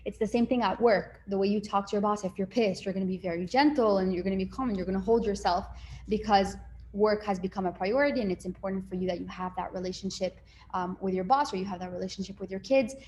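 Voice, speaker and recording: A woman talking through relationship advice in a relaxed, conversational way, full of fillers and small acted-out exchanges. Her voice sits at a middle pitch, with a faint hiss of noise behind it. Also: fast. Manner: conversational, acts out little dialogues, many fillers. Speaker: relationship coach. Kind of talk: casual advice talk.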